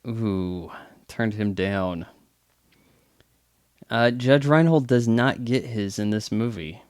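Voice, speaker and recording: A man's voice: lowish voice, slow pace, a little mellow, smooth, dry recording, studio quality. A man giving casual movie commentary with chatty, wry asides. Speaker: film commentator.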